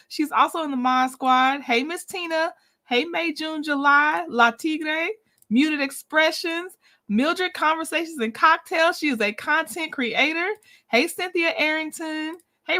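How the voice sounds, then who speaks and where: A woman's voice: high-pitched, pushed and bright. A woman hosting a casual livestream, chatty and greeting viewers by name with frequent laughs. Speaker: commentary channel host.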